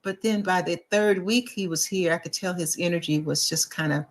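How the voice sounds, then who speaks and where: A middle-aged talk show co-host, voice on the low side and a little fast, chats casually through a personal story. She animates it by performing the voices of the people she quotes, frequently starting over.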